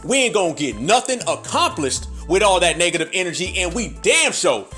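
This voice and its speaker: Animated high-voiced male podcaster. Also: faint music behind. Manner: emphatic, preacher-like cadence with profanity; mimics other voices in quick asides. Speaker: podcast host. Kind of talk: animated commentary monologue.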